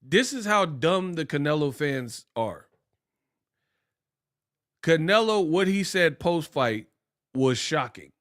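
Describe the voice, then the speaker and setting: A man's voice: fairly high pitch, a little slow. Slangy Bay man ranting on boxing. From Bay Area, California. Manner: animated, slangy and mocking, puts on voices for quotes. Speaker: boxing commentator. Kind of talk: casual ranting commentary.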